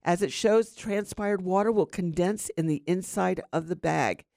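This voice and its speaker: A woman's voice: fairly low pitch, moderate pace, creaky, darkish tone, no echo, clean studio sound. A woman hosting a syndicated radio gardening show, chatting casually with many fillers and explaining plant science. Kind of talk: casual radio talk with call-ins. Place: radio studio.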